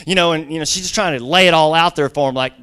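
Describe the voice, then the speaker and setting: A man's voice: fairly high pitch, fast, sharp tone, smooth. A middle-aged man preaching a sermon as a guest pastor, telling stories conversationally with lots of "you know" asides.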